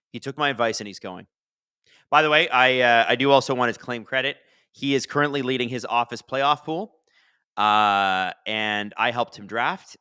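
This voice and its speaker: A man hosting a live hockey watch-along, chatting and reacting loudly to plays. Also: medium pitch, smooth, no echo, studio quality.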